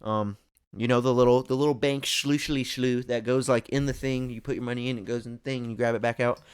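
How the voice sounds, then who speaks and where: A young man hosting a podcast, telling a story in a casual, animated way and laughing often. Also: mid-range voice, fast talker, clear, resonant tone. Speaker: podcast host. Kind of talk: casual chat.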